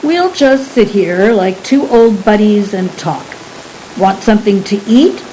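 A woman voicing a gruff, lonely giant man who talks bluntly and impatiently. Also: medium pitch, unhurried, warm tone, a little hiss or hum, natural voice, poor audio. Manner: brusque, exasperated questioning.

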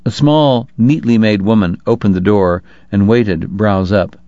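Low-voiced man narrating an audiobook. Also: measured pace, mellow, no echo. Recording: dull lo-fi dry recording.

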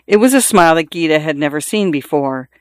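An audiobook narrator tells a literary story in a measured, even voice at a middle pitch. The reading is steady and scripted, close to the mic. The sound is dry, with no room echo.

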